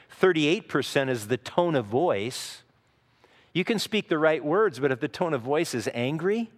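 A man preaching a sermon as a pastor, teaching in an earnest, conversational way with frequent asides. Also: medium pitch. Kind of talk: expository sermon. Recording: long reverb of a large hall.

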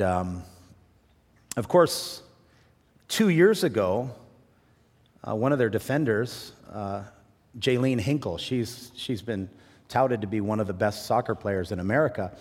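A man pastor preaching a sermon with passion, swinging from loud, rising bursts to quiet, low drops. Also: expressive, a little slow, long pauses. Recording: long reverb in a large hall.

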